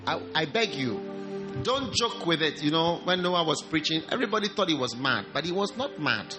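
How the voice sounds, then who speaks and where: A man's voice: a little high, sing-song, normal speed, over music. A man preaching an altar call, pleading and repeating short calls, leading a prayer line by line.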